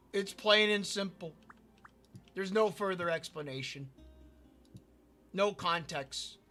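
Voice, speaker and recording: A man with a high, bright voice rambles through a story while he plays, repeating phrases and stumbling over words. His pitch sits well above most men's, and his tone is light and sharp. Game music plays faintly under him. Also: slow. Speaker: streamer. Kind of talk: casual storytelling while gaming.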